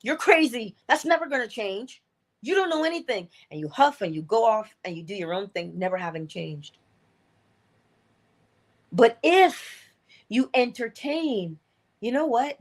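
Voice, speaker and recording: A woman's voice: on the high side, animated, unhurried. Earnest woman coaching her listeners. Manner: earnest, coaching, repeats key phrases. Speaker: inspirational speaker. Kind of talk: motivational livestream talk.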